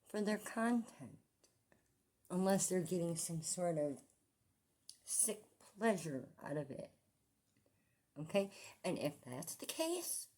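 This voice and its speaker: Woman, 40s, home vlogger. Slow, dark-toned, rambling delivery with whispered asides and indignant outbursts. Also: on the low side. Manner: rambling, talks to viewers, drops into whispers and flares into indignant outbursts. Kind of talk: casual vlog monologue. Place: apartment indoors.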